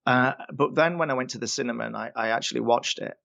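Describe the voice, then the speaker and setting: A man's voice: mid-range voice, fast talker, creaky, a bit bright. Chatty man telling stories, lo-fi. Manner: chatty storyteller, laughs often, self-deprecating. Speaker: voice actor guest. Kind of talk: casual podcast interview.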